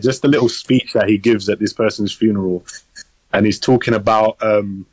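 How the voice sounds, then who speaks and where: A man's voice: mid-range voice, dry recording, poor audio. A young man co-hosting a casual podcast, rambling with lots of fillers and casual swearing, recorded on a phone. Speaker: podcast co-host. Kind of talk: casual chat.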